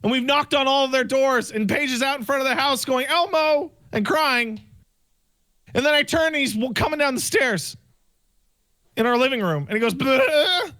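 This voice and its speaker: A man co-hosting a podcast, telling a story in a casual, animated way and acting out the dialogue himself. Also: very high voice, a little fast. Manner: animated, acts out quoted dialogue. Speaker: podcast co-host.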